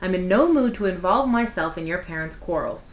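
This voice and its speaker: A woman's voice: fairly low pitch, expressive, fairly quick, roomy sound, lo-fi sound, close to an everyday voice. A woman doing a dry Southern grandmother. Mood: brisk. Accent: Southern American, put on. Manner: dry, arch, sharp when annoyed. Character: elderly grandmother, dry, arch and brisk.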